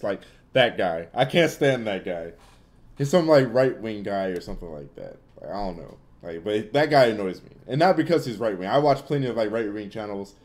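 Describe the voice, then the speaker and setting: A young man hosts a laid-back livestream Q&A, answering viewers with blunt, opinionated takes and loose, rambling filler. His voice sits low, and its tone is dark and mellow. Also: lively intonation, moderate pace. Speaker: livestream host answering chat. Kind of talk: casual Q&A livestream chat.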